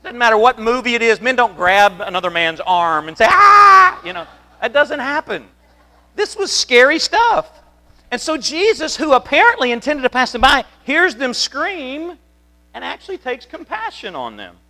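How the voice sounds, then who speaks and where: A man's voice: very high-pitched, sing-song, normal speed, bright, forceful tone. A man preaching a conversational sermon as a pastor, telling the story in a chatty way with many restarts. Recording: long reverb of a hall.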